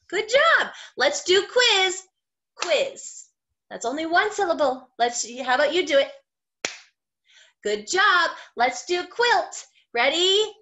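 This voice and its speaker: A woman teaching a phonics lesson to young children, sounding out words slowly and clearly and praising them cheerfully. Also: extremely high pitch, sing-song, pushed and bright, slight background noise. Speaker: kindergarten teacher.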